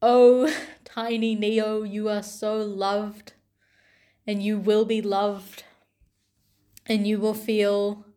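A young woman talking gently and tenderly to her younger self, with pauses and soft laughs. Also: mid-range voice. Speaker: vlogger.

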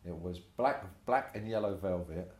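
Speaking at normal speed in a voice that sits low, an older man who works as a tattoo artist shares anecdotes during a casual interview. He curses freely and plays out people's lines, and the shop room around him is roomy and echoey.

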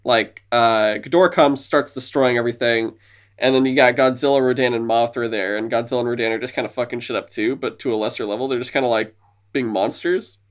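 A man's voice: medium pitch, steady tone, fast, clear, resonant tone. A man co-hosting a casual podcast, eagerly retelling movie scenes and now and then dropping into silly voices. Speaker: podcast co-host.

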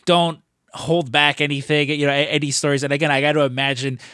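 A man hosting a podcast, asking his guest questions in a halting way with many restarts and fillers. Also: a little high, level tone, bright, forceful tone, smooth, no echo, clean studio sound. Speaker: podcast host. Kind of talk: casual podcast interview.

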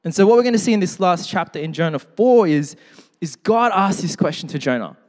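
A man's voice: high voice, lively intonation, a little fast, a little mellow. A man preaching a sermon in a conversational way, with joking asides, who also reads scripture aloud. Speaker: pastor. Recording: long hall reverb.

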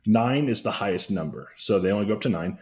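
A man's voice: on the low side, animated, quick pace, darkish tone. A man hosting a comedy podcast, recapping a story in a rambling, self-correcting way with dry jokes. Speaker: podcast host.

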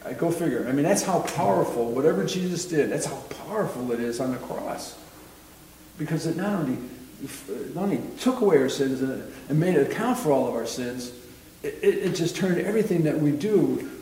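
A man's voice: medium pitch, slight background noise. Chatty man teaching scripture in a roomy hall. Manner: relaxed and chatty, often checks in with "okay?". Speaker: Bible study teacher. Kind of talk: conversational Bible teaching. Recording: roomy sound from some distance off the mic.

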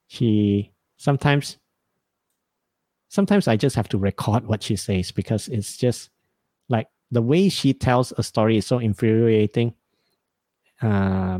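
A man's voice: on the low side, mellow, dry recording. A man, hosting a podcast and telling rambling, self-mocking comic stories with frequent laughs. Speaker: podcast host. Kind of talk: casual comedic storytelling.

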